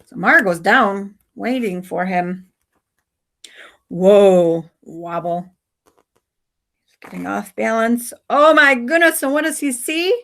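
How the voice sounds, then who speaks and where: A woman teacher reading a story aloud and teaching her class in a friendly way, asking questions and dropping into soft asides. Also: on the high side, normal speed, creaky.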